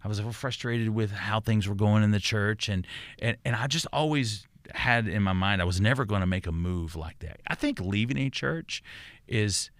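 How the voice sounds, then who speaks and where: Earnest older Texan pastor, dry close sound. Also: male voice, lowish voice, normal speed, a bit bright, no echo. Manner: earnest, reflective, with many restarts and repeated words. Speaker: pastor, podcast guest. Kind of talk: conversational storytelling.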